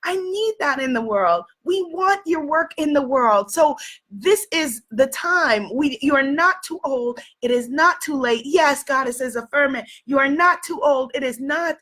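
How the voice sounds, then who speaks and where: Her high voice has lively intonation and an unhurried pace. She's a woman in her fifties from New York City, a life coach who is losing her voice, pressing her motivational message with repeated affirmations and bursts of shouting.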